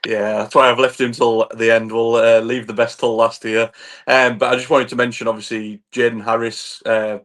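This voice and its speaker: A man's voice: medium pitch, moderate pace. A man hosting a casual football podcast who chats easily and hands the floor to his co-hosts with plenty of fillers. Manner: relaxed, hands over to co-hosts with filler words. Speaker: podcast host.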